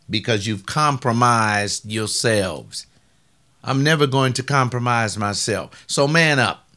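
A man's voice: medium pitch, pushed and bright. A man preaching bluntly on a webcast, combative and scolding, with sudden outbursts. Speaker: pastor. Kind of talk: webcast sermon rant.

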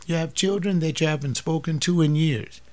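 An older man giving an impassioned sermon-like talk to an audience. He acts out family dialogues, swinging between loud appeals and hushed urging. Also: on the high side, a little fast.

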